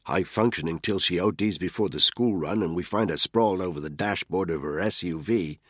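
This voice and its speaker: A man voicing a cool, aloof male intelligence handler in an audiobook, measured and curt with a lecturing tone and a husky voice. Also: low voice, a bit bright, no echo, clean studio sound.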